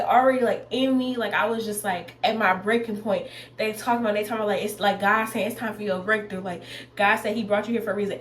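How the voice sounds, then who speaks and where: A woman's voice: medium pitch, fairly bright tone. A young woman in her twenties chatting to viewers while doing her makeup, rambling and addressing them as y'all. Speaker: beauty vlogger. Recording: echoey room with faint noise.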